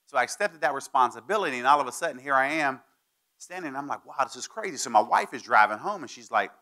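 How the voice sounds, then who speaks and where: A man's voice: medium pitch, quick pace. A man in his forties giving a storytelling speech, acting out the people he quotes. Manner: animated, acts out quoted people. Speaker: guest speaker.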